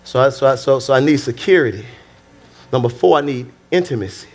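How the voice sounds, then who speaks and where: A man's voice: mid-range voice, animated, fairly quick, darkish tone. A male pastor preaching a sermon in a conversational style, repeating phrases and calling out to the congregation. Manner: conversational, repetitive, calls out to the congregation.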